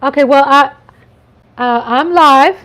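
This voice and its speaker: A chatty woman talks casually on her livestream. Her voice sits a little high and turns playful when she stretches out a greeting. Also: slow, a bit bright. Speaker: livestream host. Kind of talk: casual live-stream chat.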